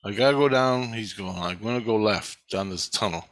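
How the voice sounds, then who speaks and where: A man's voice: fairly low pitch, moderate pace, fairly bright tone, no room sound. A man casually telling a first-person story, swearing freely and acting out the quoted dialogue as he goes. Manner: profane, retells events with acted-out quoted dialogue.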